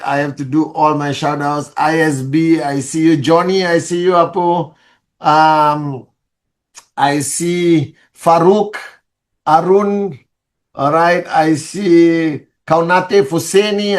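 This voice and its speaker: A middle-aged man leading a live online call, speaking softly and greeting viewers one by one by name. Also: on the high side. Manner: softly spoken; greets viewers by name with many shout-outs. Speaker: leader of a network-marketing live call. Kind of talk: live-stream motivational talk.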